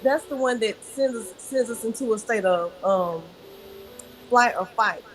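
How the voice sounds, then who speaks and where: A woman yoga teacher giving calm, guiding breathing instructions in an interview over a video call. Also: on the high side, unhurried, faint music behind. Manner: calm, guiding, soft-spoken.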